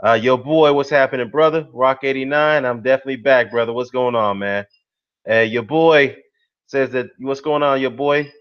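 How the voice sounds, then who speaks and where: A man's voice: medium pitch, moderate pace, a bit bright, smooth. A man hosting casual boxing commentary on a live stream, rambling with lots of "you know" and "man" fillers while greeting viewers in the chat. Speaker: boxing YouTube host. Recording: dull lo-fi sound.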